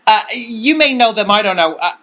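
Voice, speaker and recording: A woman's voice: medium pitch, lively intonation, moderate pace, a bit bright, lightly acted. A woman playing a gushing, flustered middle-aged former showgirl aunt who rambles and fusses in an improvised comedy sketch.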